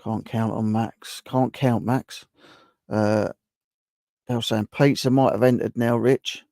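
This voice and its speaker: A man's voice: medium pitch, steady tone, takes it slowly, creaky, dark tone, no echo, clean studio sound. A man hosting a live stream, chatting casually and reacting to viewers' guesses as he reads their comments aloud.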